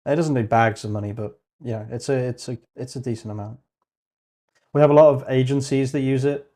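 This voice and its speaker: A man's voice: mid-range voice, brisk, dark tone. A man hosting his channel's livestream in casual chat, joking and laughing at his own jokes. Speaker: channel host.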